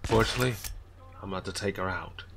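A man's voice: low voice, quick pace, creaky, noisy background. A man commenting playfully on his own gameplay during a livestream, cracking jokes as he goes. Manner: wisecracking, playful. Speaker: gaming streamer.

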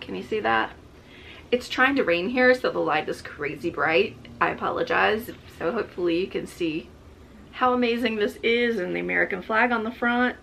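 Woman vlogger, effusive unboxing chat, bright gravelly voice, faint hiss behind. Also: mid-range voice, rough recording. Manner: gushing, effusive, exclaims often. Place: home, indoors.

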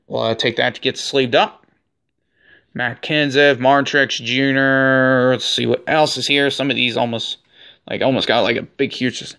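A man in his forties narrating a card-pack opening in casual commentary, rattling off names one after another and saying he is shaking with excitement. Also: mid-range voice, clean tone. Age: 40s. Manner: rattles off names in a running list. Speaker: card collector opening packs.

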